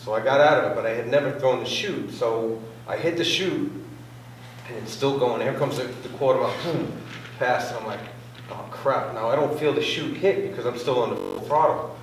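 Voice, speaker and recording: A man's voice: mid-range voice, brisk. A man telling a casual racing anecdote to a club meeting, acting out quotes and sound effects as he goes. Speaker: club member sharing a racing story. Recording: very echoey room, voice far from mic, faint noise.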